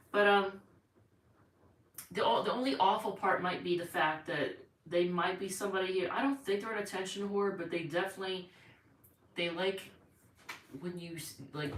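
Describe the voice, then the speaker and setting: A woman's voice: on the low side, fairly bright tone, distant mic. A woman giving a rambling, chatty tarot reading on a live stream from home, thinking aloud as she goes. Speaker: tarot reader. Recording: echoey room, voice off-mic, faint noise.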